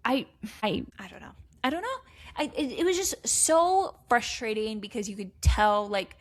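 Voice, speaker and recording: A woman's voice: on the high side, sing-song, slow pace, dry recording. A woman co-hosting a podcast, chatting casually about motorsport in a blunt, sweary way and laughing often. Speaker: podcast co-host.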